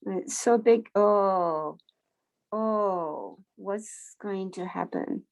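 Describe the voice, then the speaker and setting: A woman reading a picture book aloud to children, unhurried and pausing to point out the pictures. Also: mid-range voice. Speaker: storybook reader.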